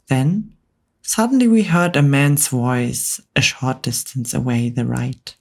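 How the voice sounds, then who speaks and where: Brief: soft-spoken female storyteller, unhurried whispered role-play for bedtime. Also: a bass voice, gravelly.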